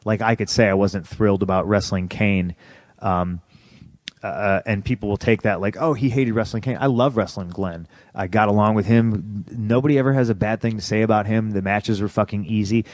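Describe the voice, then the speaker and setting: A man in his thirties telling blunt, profane stories as a podcast guest, turning loud and animated when he recalls his anger. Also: fairly low pitch, no echo. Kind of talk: candid storytelling in an interview.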